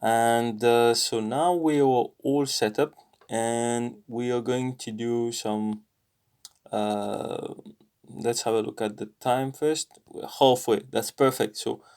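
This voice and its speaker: A man with a British accent walks through a language lesson out loud, thinking as he goes, pausing often and correcting himself. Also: mid-range voice, smooth. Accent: British English. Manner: thinking aloud, explains patiently with many pauses and self-corrections. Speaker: language learner sharing lessons. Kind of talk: screen-recorded lesson walkthrough.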